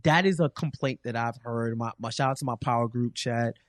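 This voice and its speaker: A man co-hosting a casual TV recap show, telling the plot in an animated way and acting out the characters' lines. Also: medium pitch, fairly quick, no room sound, studio quality. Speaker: podcast co-host.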